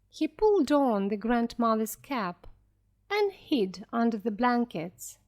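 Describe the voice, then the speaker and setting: Slow, clear woman reading a story. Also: fairly high pitch, big pitch swings, darkish tone. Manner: clear and deliberate. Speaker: narrator. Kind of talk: slow storybook narration for English learners.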